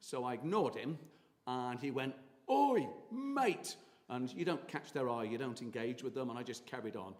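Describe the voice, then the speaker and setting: A man's voice: mid-range voice, steady tone, brisk. Chatty man giving a talk in an echoing hall. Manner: chatty, anecdotal, hesitant with fillers. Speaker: tour guide and local historian. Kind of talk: public talk. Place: meeting hall. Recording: reverberant hall from far off.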